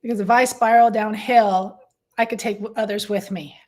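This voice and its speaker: A woman sharing an earnest personal testimony in a faith-based business conversation, heartfelt and halting, often restarting her sentences. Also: mid-range voice, fairly even intonation, a little mellow. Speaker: guest, business consultant and co-host.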